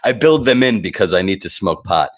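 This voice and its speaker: A man hosts a loose casual chat, excitable and quick to swear and laugh. His voice is low but swings widely in pitch. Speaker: host.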